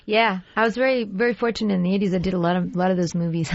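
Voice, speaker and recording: Woman in her forties, chatty and upbeat, mid-pitched, dry and muffled radio sound. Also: very fast, no room sound. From Los Angeles. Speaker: actress and voice actress. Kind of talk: guest on a radio talk show. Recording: dry, dull lo-fi radio recording.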